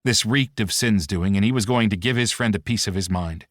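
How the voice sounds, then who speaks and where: A man giving steady, expressive scripted audiobook narration. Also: lowish voice, a little fast, no echo, clean studio sound.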